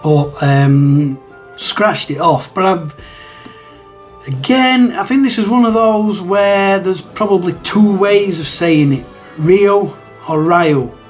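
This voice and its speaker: A man with a slightly raised voice talks slowly about retro games. He rambles, restarts and chuckles as he hesitates. Soft music plays faintly behind him. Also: high voice, lively intonation. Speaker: retro gaming channel host. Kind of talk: casual talk to camera.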